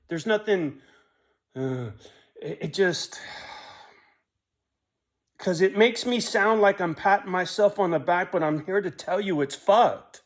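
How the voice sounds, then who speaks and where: A man's voice: sits high, slow pace, pauses often. A middle-aged man talking alone to his camera in a casual vlog, rambling, swearing freely and often tagging "right?" onto his lines. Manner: profane, rambling, self-reflective, often ending lines with a muttered "right?". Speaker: vlogger.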